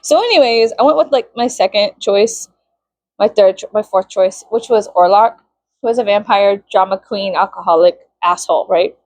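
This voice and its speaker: A woman's voice: medium pitch, moderate pace, dry recording. A young woman vlogging casually, venting with lots of swearing and bursts of mock-outraged shrieking.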